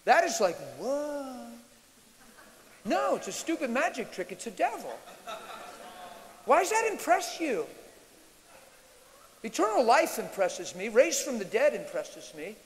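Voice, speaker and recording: High, animated male preacher. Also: unhurried, pauses often. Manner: animated, shouts and mimics screams. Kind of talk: sermon Q&A. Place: large church hall, live. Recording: reverberant hall with faint hiss.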